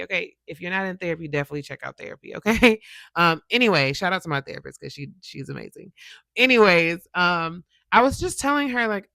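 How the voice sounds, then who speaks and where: A woman gives a casual motivational talk, chatty and animated, often checking in with her listeners. Her voice is bright and forward, with a gravelly fry underneath. The sound is close and dry, with little room in it. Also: fairly low pitch, no room sound. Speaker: motivational YouTuber and podcast host.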